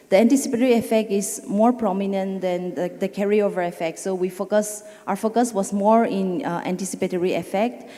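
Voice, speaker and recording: A woman presents research at a conference, pausing often and correcting herself as she goes. Her voice is mellow and dark, carried on a long hall reverb. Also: medium pitch. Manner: hesitant, with fillers and self-corrections. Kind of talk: academic conference talk.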